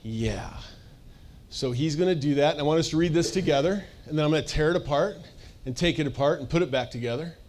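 Chatty high-voiced pastor. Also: male voice, fast, a little mellow, slight background noise. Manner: chatty, playful, lots of "like" and "you know". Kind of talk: casual, joking sermon.

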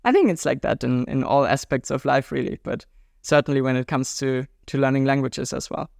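A man's voice: a little fast, creaky, no room sound, clean studio sound. A man in his twenties from Germany with a German accent, talking casually and upbeat as an interview guest. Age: 20s. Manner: upbeat and chatty, pitch jumps up when animated. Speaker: guest, world traveler and juggler.

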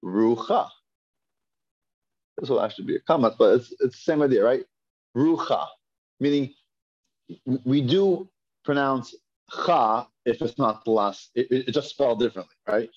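In a classroom reading lesson, a patient man with a mid-range voice teaches Hebrew at a brisk pace. He repeats and drills the pronunciations, and the recording is dull and lo-fi.

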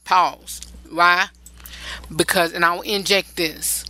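A woman's voice: fairly low pitch, steady tone, slow pace, bright, forceful tone, rough recording. A woman hosting a relationship advice show, talking casually, stressing her points by repeating phrases and often rambling and restarting. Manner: loose, rambling delivery with restarts.

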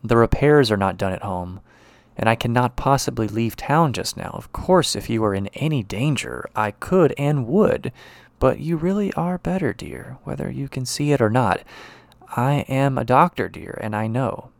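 A man's voice: mid-range voice, animated, moderate pace, creaky, no echo, pitched above the performer's own voice. A man reading the lines of a condescending husband who is a doctor, soothing but dismissive and talking down to his wife. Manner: soothing yet dismissive, talks down.

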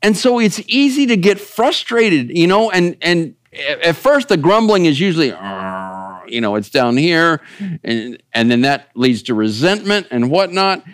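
Folksy pastor with a lively voice. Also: male voice, a little high, moderate pace, no room sound, studio quality. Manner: folksy, rambling, asks the audience. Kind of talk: conversational sermon.

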